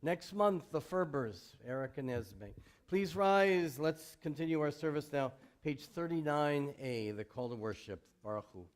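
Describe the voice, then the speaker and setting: A man's voice: fairly high pitch, animated, unhurried, few pauses. A man leading a worship service in a synagogue, giving brief announcements and calls to the congregation. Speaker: service leader. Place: synagogue sanctuary.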